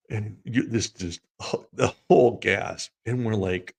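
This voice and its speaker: A man's voice: on the low side, expressive, unhurried, gravelly, few pauses, slightly rough. A man co-hosting a sports talk show, telling rambling stories and laughing through them. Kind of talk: casual storytelling chat.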